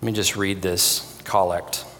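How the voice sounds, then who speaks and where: A man preaching a sermon in an earnest, emphatic way, pausing for weight. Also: deep voice, level tone, a bit bright, in a large hall, slight background noise. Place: church.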